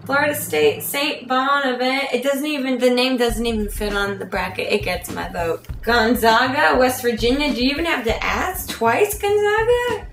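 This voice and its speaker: A woman's voice: fairly high pitch, normal speed, few pauses, fairly bright tone, reverberant, faint music behind. A woman vlogger from near Philadelphia, chatting casually with playful, sarcastic asides. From United States, near Philadelphia. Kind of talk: casual jokey vlog.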